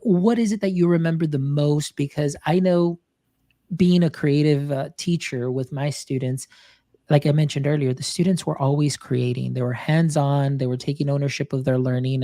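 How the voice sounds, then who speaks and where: A man's voice: fairly high pitch, warm tone, no echo, studio quality. A man hosting an education podcast, asking long, rambling questions full of fillers. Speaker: podcast host. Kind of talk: casual interview.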